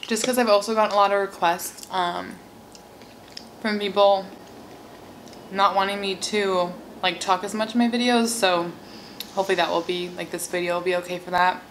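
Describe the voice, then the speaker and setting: A woman's voice: medium pitch, level tone, normal speed, slight background noise, rough recording. A young woman from Seattle in her twenties, chatting casually and bubbly on her channel while eating cake, with lots of "like" and "um". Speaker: mukbang vlogger.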